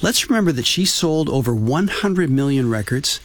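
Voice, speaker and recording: A man co-hosting a music talk show, reading a segment setup in a measured way. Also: medium pitch, animated. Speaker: podcast co-host. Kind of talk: scripted segment setup and casual chat.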